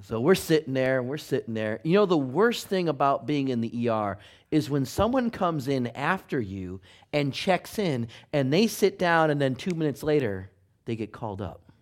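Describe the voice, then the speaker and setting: A man's voice: mid-range voice, sing-song, moderate pace. A middle-aged male pastor telling a self-mocking story in a conversational sermon, full of asides and rhetorical questions.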